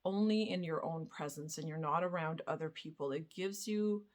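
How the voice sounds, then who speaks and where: A woman's voice: low-pitched, moderate pace. A young adult woman vlogging, telling a personal story in a chatty, casual way with lots of fillers and casual swearing. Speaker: spiritual vlogger.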